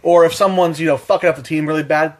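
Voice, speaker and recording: Speaking quickly in a fairly high voice, a young man co-hosts a podcast and swaps stories casually. His storytelling is animated, crude, and jokey.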